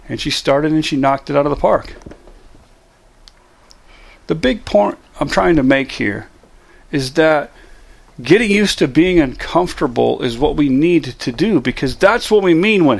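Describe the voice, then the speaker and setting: A man's voice: fairly high pitch, animated, normal speed, creaky. A middle-aged man giving a casual, emphatic motivational monologue, full of rhetorical questions. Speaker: motivational speaker.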